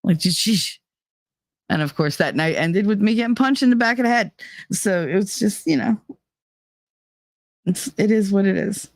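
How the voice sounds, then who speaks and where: A woman's voice: mid-range voice, animated, moderate pace, pauses often, no echo. A woman hosting a casual live stream who reads viewer chat and talks candidly and bluntly, with swearing and wry humor.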